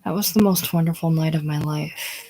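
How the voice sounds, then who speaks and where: A woman voicing a chatty, excitable young woman who rattles on about her stage triumph, in a casual script reading. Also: sits low, normal speed, rough recording. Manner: rattles on breathlessly, gushing.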